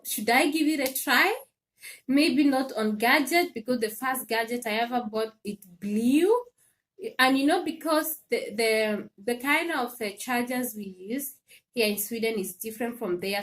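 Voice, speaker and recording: A woman hosting a casual livestream, telling an animated story with laughs and repeated phrases. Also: a little high. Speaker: live stream host. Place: home in Sweden.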